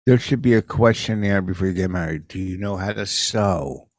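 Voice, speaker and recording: A man co-hosting a podcast in casual chat, talking bluntly with deadpan quips into a close mic. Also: sits low, normal speed, no room sound. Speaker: podcast co-host.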